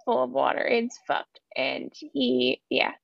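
A woman casually recapping a book, swearing and acting out the characters in quick mock dialogue. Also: sits high, very animated, creaky, no room sound, muffled recording.

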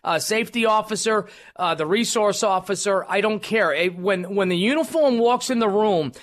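High-ish voiced guy, ex cop cohost, really emphatic, keeps repeating himself to drive it home. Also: normal speed, fairly bright tone. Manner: emphatic, repeats points for stress. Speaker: co-host, former law officer. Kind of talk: casual podcast chat.

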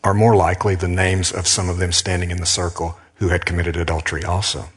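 A man preaching a sermon as a pastor, earnest and emphatic, slowing down with dramatic pauses. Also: deep voice, flat delivery, slightly rough, big-room sound.

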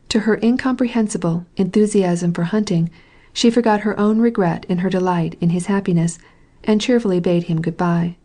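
With a lowish voice, a woman tells the story of a classic novel as an audiobook reader, her pacing even and measured throughout.

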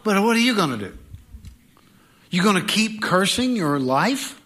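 A middle-aged pastor preaching a sermon in an animated way, with joking asides and mock voices. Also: male voice, high-pitched, moderate pace.

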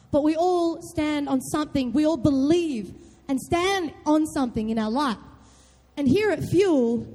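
A young woman giving a loud, chatty youth talk, often quizzing her audience. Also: sits high. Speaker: youth group speaker. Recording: long hall reverb.

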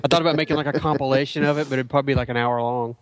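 Fast-talking joking man co-host. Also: medium pitch, steady tone. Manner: quick, joking, protests with laughs. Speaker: podcast co-host. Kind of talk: casual chat.

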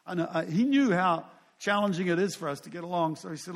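An older man preaching a sermon in a relaxed, chatty manner, his voice sitting a touch higher than most men's. He wanders off into asides and pokes fun at himself. He keeps a friendly, unpolished tone. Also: quick pace, creaky, hardly any pauses. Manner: conversational, rambling with asides and self-deprecating humor. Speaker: pastor.

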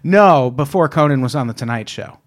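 A man's voice: mid-range voice, expressive, fairly quick. A man hosting a casual podcast chat, wry and joking, swearing freely. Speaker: podcast host.

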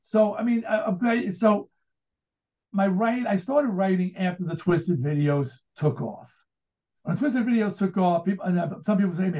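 A man's voice: high-pitched, brisk. Rambling American man on a tinny line. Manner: rambling, full of restarts and asides. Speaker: author and rock singer guest. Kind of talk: casual interview talk.

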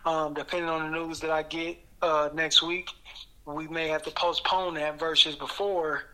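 Indianapolis male boxer, casual talker, bright tone, little pitch movement. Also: little pitch movement, moderate pace, low-quality recording. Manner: laid-back, repeats "you know what I'm saying". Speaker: professional boxer guest. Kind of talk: casual interview.

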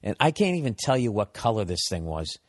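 A man's voice: on the low side, big pitch swings, brisk, in a large hall. A man hosting a solo podcast, telling stories in a profane, self-mocking ramble. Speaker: podcast host.

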